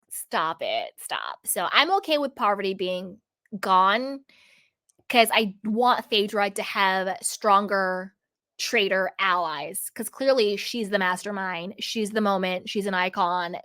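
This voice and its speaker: A woman host giving sassy, casual commentary on a reality show, often acting out what people say. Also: medium pitch. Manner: sassy, animated, mimics people in quotes.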